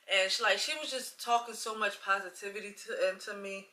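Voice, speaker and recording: A woman in her late thirties telling a personal story in a casual, chatty way. She acts out both sides of conversations and swings between loud and hushed. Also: medium pitch, fairly even intonation, a little fast, hardly any pauses. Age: late 30s. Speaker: vlogger sharing a personal testimony.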